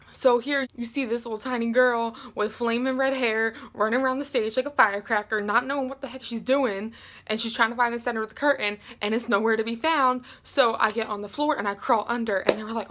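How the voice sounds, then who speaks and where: A young woman vlogger telling a story in a casual, animated way, with many fillers. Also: a little high. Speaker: beauty vlogger.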